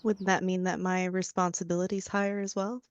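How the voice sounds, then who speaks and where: A woman answers in a tabletop game with a lowish, smooth and quite level voice. The sound is dry and a little dull, lo-fi audio. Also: flat delivery, a little fast, dry recording. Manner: earnest, questioning replies. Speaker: player.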